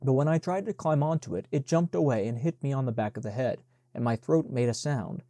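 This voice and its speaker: A man reading an audiobook in a measured, unhurried narration. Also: medium pitch, expressive, mellow, no echo. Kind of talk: scripted narration.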